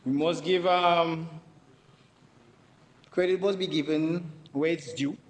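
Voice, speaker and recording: A man's voice: a little high, steady tone, takes it slowly. Man, Dominican accent, parliamentary debate speech, emphatic and repetitive, faint background noise in a reverberant chamber. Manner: emphatic, repeats "no, no, no" and addresses the Speaker. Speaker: member of parliament.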